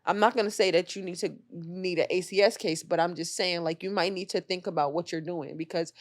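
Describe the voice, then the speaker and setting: A young woman co-hosts a casual podcast, chatting freely. She tells stories with lively energy and acts out what others said. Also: on the low side, fairly quick, no echo. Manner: animated storytelling, acts out quotes loudly. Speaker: podcast co-host. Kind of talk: casual chat.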